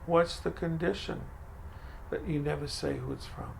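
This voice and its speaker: Older man, interview storyteller, gravelly, acts out conversations, slight background hiss. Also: fairly high pitch, huge pitch swings, moderate pace. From Franco-American, from Maine. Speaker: food pantry director. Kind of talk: oral history interview.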